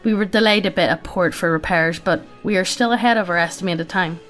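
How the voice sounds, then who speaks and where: A woman's voice: fairly low pitch, fairly quick, a bit bright, faint music behind. Casual woman reading a story aloud. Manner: matter-of-fact, casual reading with frequent laughter. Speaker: story narrator.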